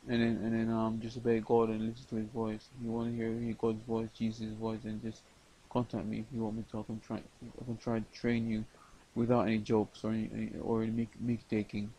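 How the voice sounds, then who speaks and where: Guy rambling late at night, flat monotone, keeps restarting his words. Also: lowish voice, a little hiss or hum, poor audio. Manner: halting, many repeated words and restarts. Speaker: vlogger.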